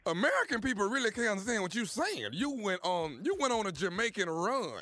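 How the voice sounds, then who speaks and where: A man's voice: high-pitched, big pitch swings, a little fast, pushed and bright, no room sound. A man who is a regular on a radio morning show, bantering in a boastful, joking way.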